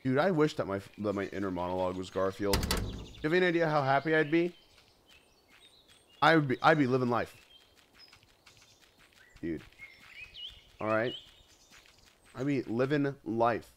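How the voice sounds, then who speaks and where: A man's voice: mid-range voice, lively intonation, moderate pace, pauses often, slight background noise. A man streaming a horror game, giving casual commentary with jittery, nervous exclamations.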